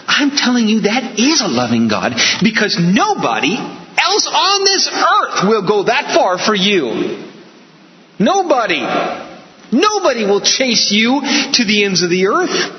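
A man's voice: high-pitched, wildly swooping pitch, a little slow, slight background noise. A man preaching a sermon, emphatic and repetitive, with joking asides. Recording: echoey hall, slightly dull sound.

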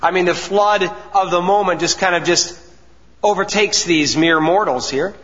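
A man preaching a sermon, with earnest emphasis, deliberate pauses and soft asides. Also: sits high. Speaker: pastor. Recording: dull sound with long hall reverb.

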